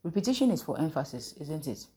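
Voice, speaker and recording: A woman leads a Bible lesson and keeps asking her listeners questions so they answer back. Her voice sits low and sounds mellow and warm. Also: sing-song, fast talker. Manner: call-and-response, asks the listeners questions. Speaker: preacher. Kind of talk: interactive Bible teaching.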